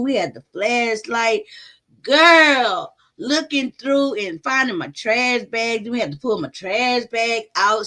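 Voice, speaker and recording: Loud, bright-voiced woman livestreaming from home. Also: a little high. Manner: animated, loud, profane, talks straight to her chat. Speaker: livestream host. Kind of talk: casual livestream storytelling. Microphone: phone.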